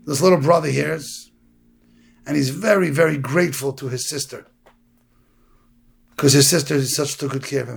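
A man giving a sermon, telling a story and acting out the characters with a gravelly, husky voice. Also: mid-range voice. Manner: animated storytelling, acts out the characters. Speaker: preacher.

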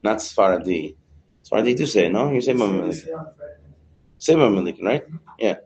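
A man's voice: on the low side, expressive, brisk, a crowd in the background, poor audio. Man teaching a Torah class. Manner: reads Hebrew lines, then translates into English; banters with students.

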